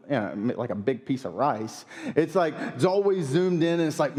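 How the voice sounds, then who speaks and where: A man in his thirties, a pastor telling a funny, animated story during a sermon. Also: on the high side. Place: church sanctuary. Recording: long hall reverb.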